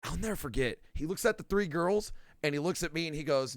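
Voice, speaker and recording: A young man with a clear, smooth voice and a fairly high pitch, telling chatty stories on a podcast. His intonation swings widely, and the sound is dry and close. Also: fast talker, few pauses, no room sound. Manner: lively, chatty anecdote-teller. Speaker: podcast host. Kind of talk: casual chat.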